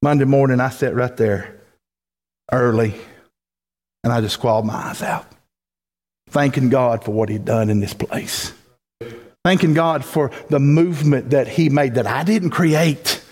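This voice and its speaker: In a church sanctuary with long hall reverb, a pastor delivers a folksy sermon that builds to emphatic peaks. His voice sits at medium pitch and is a little mellow.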